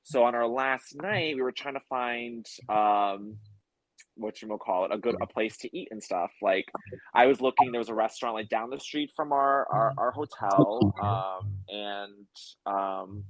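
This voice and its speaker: A man's voice: fairly low pitch, unhurried, dry recording, poor audio. Young man telling a rambling story. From United States. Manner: rambling storyteller, many fillers. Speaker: guest. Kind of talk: casual chat.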